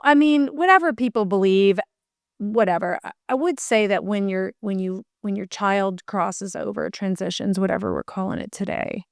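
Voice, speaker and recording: A middle-aged woman with a drawl tells a deeply personal story, earnest and meandering, often stopping to restart a thought. Her voice sits in an ordinary middle range. The recording is dry and close, with no room sound. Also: creaky, dry recording. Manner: earnest, rambling with many restarts. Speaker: podcast guest.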